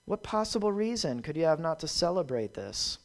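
A man's voice: on the high side, very animated, measured pace, gravelly, heavily acted. A man voicing a forgiving father in a sermon retelling, asking earnest, pleading questions.

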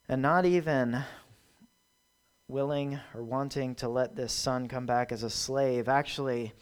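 A man preaching a sermon, retelling a parable with emphatic, repetitive phrasing. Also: medium pitch.

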